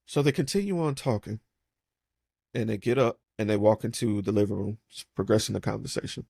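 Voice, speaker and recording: A man's voice: fairly low pitch, brisk, vocal fry, warm tone, slightly rough, no room sound, studio quality. A man casually retelling a film's plot and acting out the characters' lines. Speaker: movie recap host. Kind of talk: casual film breakdown.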